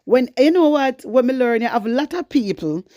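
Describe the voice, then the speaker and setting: On her own channel, a Jamaican woman delivers a blunt, fiery political rant to her viewers, slipping into patois as she goes. Her high-pitched, mellow voice is animated and moves at a normal speed, recorded at studio quality without echo.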